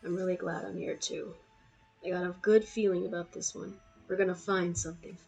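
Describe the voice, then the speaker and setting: A woman reading a young man's lines from a game, softly lowering her voice. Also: fairly even intonation, brisk, creaky, breathy edge, faint music behind, rough recording. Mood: warm. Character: warm cheerful young man, hopeful companion.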